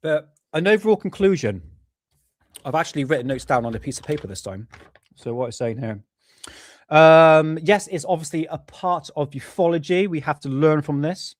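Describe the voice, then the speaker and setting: A man's voice: a little high, lively intonation, moderate pace, dry recording. A man casually chatting as host of a live stream, laughing along with viewer comments. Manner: chatty, laughs at viewer comments, drifts back to his notes.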